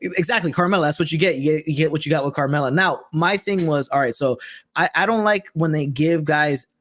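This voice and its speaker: A man's voice: a little high, fairly bright tone. A man hosting a casual podcast chat, rambling and often asking "right?". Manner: rapid, rambling, asks "right?" a lot. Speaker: podcast host.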